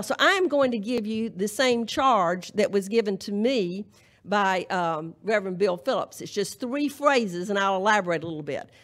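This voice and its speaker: A woman minister with a Southern US accent, delivering a humorous, emphatic charge to a congregation at a live church service. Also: mid-range voice. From Southern United States. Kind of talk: folksy sermon-style charge.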